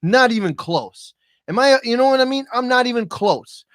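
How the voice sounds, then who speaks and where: An extremely high-pitched man talks at a normal speed, animated and a bit bright, in a dry recording. He's a podcast guest telling candid stories in a studio with cameras, emotional and swearing as he speaks right to his viewers.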